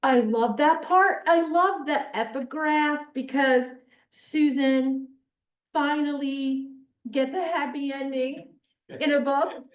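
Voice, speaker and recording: A woman's voice: high-pitched, slow pace. A woman leading a book discussion, reading a novel aloud and then talking it over in an earnest, emphatic way. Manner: earnest, emphatic, checks listeners follow. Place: classroom or church meeting room. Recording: echoey room, mic far off.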